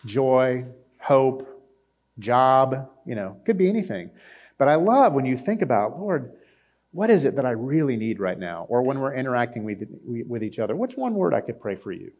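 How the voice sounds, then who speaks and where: A man preaching a conversational sermon as a pastor, with frequent fillers and lively quoted lines. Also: medium pitch, dull audio.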